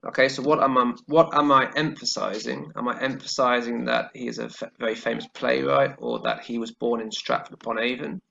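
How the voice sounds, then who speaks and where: A man teaching English grammar, explaining slowly and carefully and checking in with "okay" as he goes. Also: medium pitch, steady tone, gravelly, sharp tone. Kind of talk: grammar lesson while writing on screen. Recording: dull lo-fi recording.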